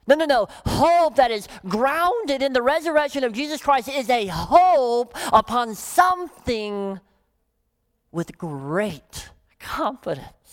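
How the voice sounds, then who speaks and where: A woman pastor delivering a sermon, her fairly high voice swooping widely as she presses each point. She leans hard on key words, then sinks into quiet, low phrases to let them land. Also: sing-song, slow. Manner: emphatic, drops to soft low phrases for weight.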